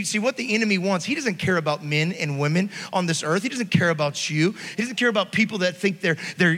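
A man preaching a sermon, telling stories and swinging between hushed passages and loud, stirring ones. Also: high voice. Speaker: pastor. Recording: hall reverb.

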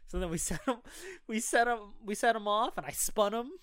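A young man telling work stories in casual chat, animated and full of "like" and "dude". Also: high-pitched, brisk, no room sound, clean studio sound. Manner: animated, lots of "like" and "dude", laughs through stories. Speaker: ride operator, co-host of the chat.

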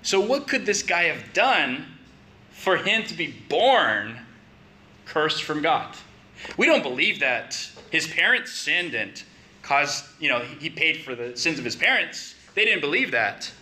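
Bright-voiced man preaching a sermon. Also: fairly high pitch, sing-song, a little slow. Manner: conversational, rising to emphatic questions.

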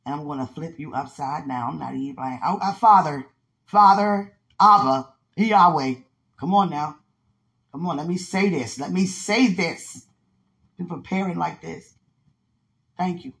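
Husky, gravelly woman, playful and teasing. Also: sits low, moderate pace. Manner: playful, teasing, laughing often. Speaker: podcast host. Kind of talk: casual prayer and affectionate banter.

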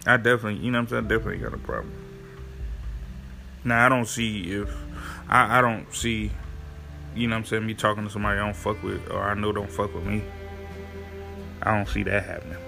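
Man, podcast host, gravelly, casual and profane, rambling talk, faint music. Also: on the low side, quick pace, long pauses, sharp tone. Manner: loose, profane, rambling with many fillers. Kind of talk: casual solo podcast monologue.

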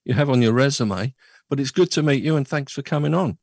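A man's voice: medium pitch, fairly quick, no echo. A man hosting a casual chat show, talking in a chatty, joking way with rambling asides. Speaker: podcast host.

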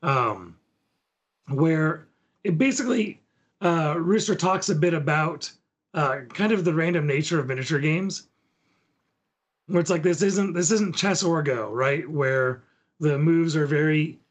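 A man's voice: fairly high pitch, unhurried. A man co-hosting a podcast, casually walking listeners through gaming material in an easygoing way. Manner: easygoing, walks through steps. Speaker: podcast co-host. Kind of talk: casual tabletop gaming chat.

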